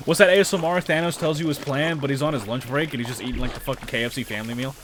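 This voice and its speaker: A man's voice: medium pitch, steady tone, very fast, noisy background. A man streaming a game, cursing and laughing through casual commentary between reading dialogue. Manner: profane, laughing asides.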